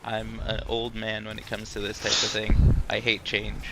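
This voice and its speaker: A man with a low, gravelly voice chats in a dry, laid-back way while playing. A clear noise hangs behind his voice. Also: completely flat delivery, normal speed. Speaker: teammate. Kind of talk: casual gaming chat.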